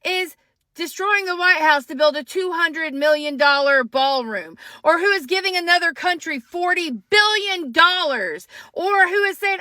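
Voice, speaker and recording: A woman, a social media commentator, rants angrily to the camera, upset and shaking, profane and emphatic. Her voice is very high-pitched, animated, and sharp in tone, unhurried, with no echo.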